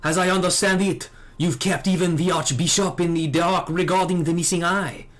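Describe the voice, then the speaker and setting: A man's voice: high voice, fairly even intonation, moderate pace, a bit bright, faint music behind, voice pushed up. A man voicing a proud, wrathful young dragoon in a put-on French accent, declaiming accusations while reading game dialogue aloud.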